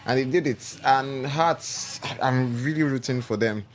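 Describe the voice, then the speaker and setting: A man co-hosting a live radio sports show, chatting about football in a lively, laughing way and often restarting his words. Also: medium pitch, unhurried, slight background noise. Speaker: radio co-host. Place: radio studio.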